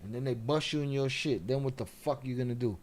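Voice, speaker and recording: A man's voice: medium pitch, fairly quick, darkish tone. A man hosting a live stream, giving brash, profane, trash-talking reaction commentary.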